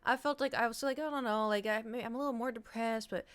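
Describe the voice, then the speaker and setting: A woman's voice: on the high side, fast talker. A woman streamer chatting casually on a live stream, rambling and candid, swearing freely.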